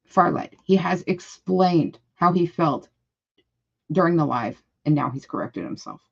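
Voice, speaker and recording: A woman with a gravelly, rough-edged voice talks through a live reaction stream, reading comments aloud and cutting in with blunt, indignant remarks and frequent swearing. The sound is dull and lo-fi, as on a home streaming mic. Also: lowish voice, lively intonation, a little slow. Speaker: livestream reaction host.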